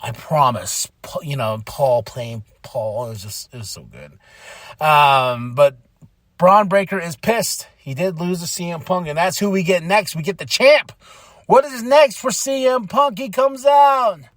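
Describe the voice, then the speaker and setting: Man, podcast host, casual wrestling recap, fairly high voice, dry close mic. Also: dry recording. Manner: excitable, quotes people in quick voices.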